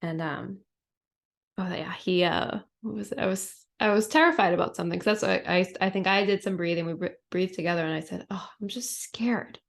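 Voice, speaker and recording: A woman's voice: lowish voice, fairly even intonation, brisk, gravelly. A woman guest on a podcast, telling a personal story in a reflective, casual way, full of "like" and "you know.".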